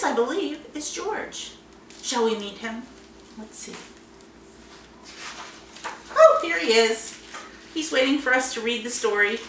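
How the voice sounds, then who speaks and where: Woman children's librarian for storytime: bright, unhurried, sing-song, a bit off-mic in an echoey room. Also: high-pitched, far from the mic, slight background noise. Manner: animated, sing-song, talking to young children. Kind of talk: storytime with songs and reading aloud.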